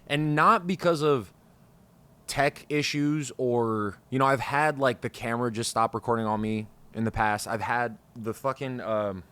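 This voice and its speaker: A man's voice: medium pitch, fairly even intonation, moderate pace, hardly any pauses, fairly bright tone, smooth, no echo. Male podcast host, casual and scattered, profane, rambling solo talk, mid-range voice. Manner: frustrated, rambling, swears freely. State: over-caffeinated, scattered. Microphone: podcast microphone.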